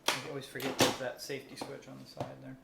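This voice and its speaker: A man's voice: mid-range voice, monotone, quick pace, gravelly. A man co-hosting a home cooking video, chatting casually and thinking aloud as he tastes. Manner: easygoing, thinking aloud while tasting. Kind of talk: casual kitchen chat. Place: home kitchen. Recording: echoey kitchen with loud background noise.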